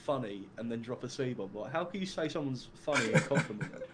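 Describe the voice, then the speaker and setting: A man's voice: mid-range voice, animated, brisk, heavy background noise. A young man with an English accent chatting casually, rambling and filling his talk with "like" and the odd swear word. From England. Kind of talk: casual chat.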